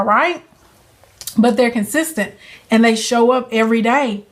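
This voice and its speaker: A woman's voice: fairly high pitch, normal speed. A young adult woman hosting a casual phone livestream, chatting sassily with viewers and laughing often. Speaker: livestream host and business coach.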